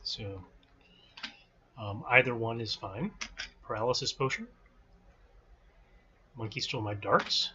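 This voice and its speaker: A man's voice: mid-range voice, slow pace, long pauses, muffled recording, a little hiss or hum. A man hosting a daily game playthrough, chatting casually and thinking aloud as he plays. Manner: relaxed, thinking aloud with fillers. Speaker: let's-play host. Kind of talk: casual gameplay commentary.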